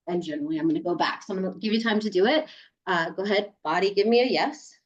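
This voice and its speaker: A woman's voice: medium pitch, quick pace, dull audio. A woman leading a group through a guided body exercise on a video call, coaching them and often laughing. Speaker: workshop leader.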